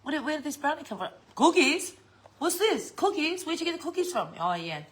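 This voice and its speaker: A woman's voice: high voice, big pitch swings, racing. Chatty New woman vlogging. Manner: chatty, swears freely, laughs often. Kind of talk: casual unboxing chat.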